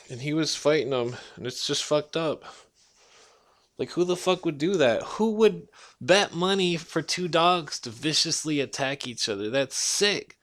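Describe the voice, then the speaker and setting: A man's voice: a little high, a bit bright. A man delivering a blunt, profanity-heavy casual rant to the camera. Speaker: vlogger.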